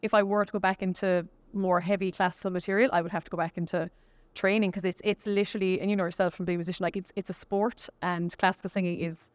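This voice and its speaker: Fast-talking Kerry woman. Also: on the low side, flat delivery, no echo. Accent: Kerry Irish. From Killarney, County Kerry, Ireland. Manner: quick, chatty, laughs often, many restarts. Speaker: guest singer. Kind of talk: casual interview chat.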